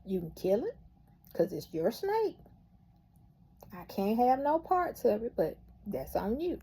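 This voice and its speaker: A calm, blunt man of a doctor, as a woman storyteller puts him on. He is matter-of-fact and dry-humored. The voice is slow, husky and a little gravelly. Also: fairly high pitch, full character voice.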